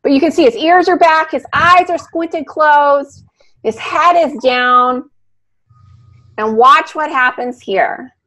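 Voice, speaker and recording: Bright, high-voiced woman dog trainer. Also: slow, poor audio. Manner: animated, talks through a video, asks the class questions. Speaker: dog trainer teaching an online class. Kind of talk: live online lesson talking over video. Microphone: video call.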